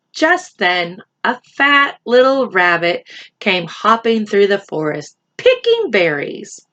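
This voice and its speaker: Bright, lively woman reading to kids. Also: mid-range voice, takes it slowly. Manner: expressive, counting along with children. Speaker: teacher reading to children. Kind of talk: read-aloud storytime.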